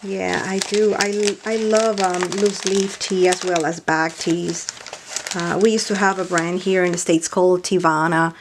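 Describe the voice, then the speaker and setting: A woman chatting casually while unboxing mail, gushing and exclaiming over each item and often dropping to a soft near-whisper, indoors at night. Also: on the low side, steady tone, a little slow, noisy background. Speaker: craft vlogger unboxing mail.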